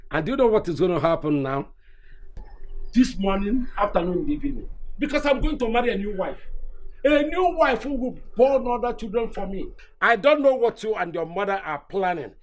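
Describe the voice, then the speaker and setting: Casting: Nigerian man a tight-fisted, distrustful dad, high lively voice, scolding. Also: normal speed, a little hiss or hum. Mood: threatening. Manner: scolding, suspicious. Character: stingy suspicious middle-aged father, government contractor. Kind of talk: film acting.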